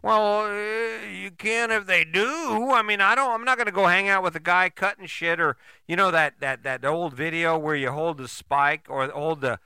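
A man's voice: sits high, moderate pace, few pauses, pushed and bright, smooth, no room sound. An older man, a podcast host, giving a blunt motivational monologue full of swearing and rhetorical questions.

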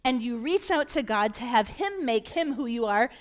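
High-voiced woman pastor preaching. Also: normal speed. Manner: animated preaching that acts out dialogue. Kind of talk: sermon.

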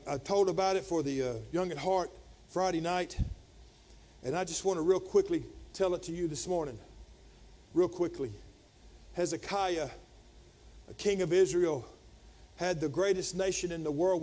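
Male pastor, strikingly high voice, sermon delivery ranging from shouting to hushed storytelling. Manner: preaching with swings from loud shouting to quiet low storytelling.

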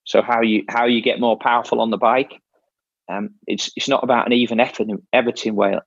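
A man's voice: medium pitch, flat delivery, brisk, husky, no echo, highs cut off. A man coaching an athlete in casual talk, explaining step by step and often restarting his phrases. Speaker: triathlon coach.

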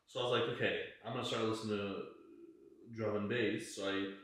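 A man co-hosts a casual podcast, rambling and swearing freely. His voice sits a little low. The room is very echoey. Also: little pitch movement, fairly quick, a bit bright. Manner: crude, rambling, heavy swearing and fillers. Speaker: podcast co-host.

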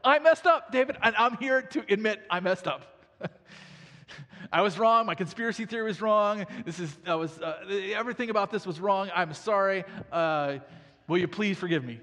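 A male preacher voicing a penitent man who pleads loudly for forgiveness in a raised voice. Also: moderate pace, in a large hall. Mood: pleading. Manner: loud, pleading, raised pitch.

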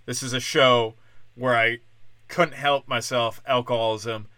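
A drunk man rambling through an unscripted solo podcast rant. He talks crudely, swinging from loud bursts to mumbled asides. His voice sits at an ordinary pitch, close on the mic in a dry, dead room. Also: steady tone, a little slow, no room sound. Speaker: podcast host.

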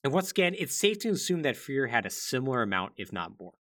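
A man's voice: mid-range voice, very animated, fast, fairly bright tone. A man hosting a podcast, telling gaming history in a chatty way full of "like" and wry asides. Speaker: podcast host. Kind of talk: casual gaming-history chat.

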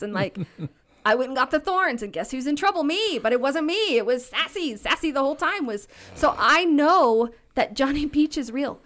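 A woman in her thirties telling stories as a podcast guest, animated and often laughing, acting out the voices of the people in them. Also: high-pitched, normal speed. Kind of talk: casual storytelling. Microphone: podcast studio mic.

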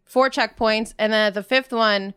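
Clear-voiced woman planning a game. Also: a little high, fairly even intonation, moderate pace, fairly bright tone. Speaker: player. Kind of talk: casual tabletop game chat.

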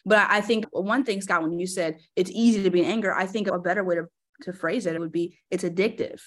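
A woman appearing as a guest coach on a casual podcast, animated and acting out emotions as she explains. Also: lowish voice, fast talker. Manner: animated, acts out emotions in quotes.

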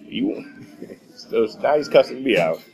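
A middle-aged man from Texas telling a story as a radio guest, animated and laughing often. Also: medium pitch, slow pace, vocal fry, soft background music, low-quality recording. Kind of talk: casual storytelling.

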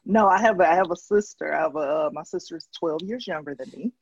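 Husky high-voiced man telling stories. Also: quick pace, no room sound. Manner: animated storyteller, laughs often, acts out quotes. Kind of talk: casual conversation. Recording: dull dry lo-fi sound.

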